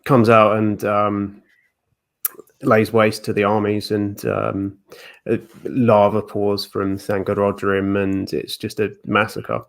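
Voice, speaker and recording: A man's voice: on the low side, monotone, slow. A man in a casual chat, thoughtful and hesitant, with frequent fillers and facetious asides. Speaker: guest discussing Tolkien lore.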